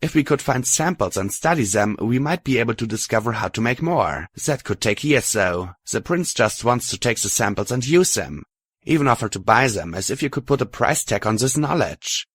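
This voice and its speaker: A man's voice: medium pitch, animated, fairly bright tone, husky, no room sound. A man voicing a nervous, twitchy stallion scientist in an audiobook of a pony story. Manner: nervous, hurried, defensive.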